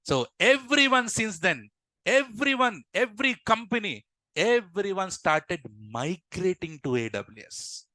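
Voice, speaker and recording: A young adult man, telling a story to teach a tech lesson and addressing his viewers directly in an animated way. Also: high voice, a little slow, no echo. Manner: animated, addresses the audience as guys. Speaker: tech instructor.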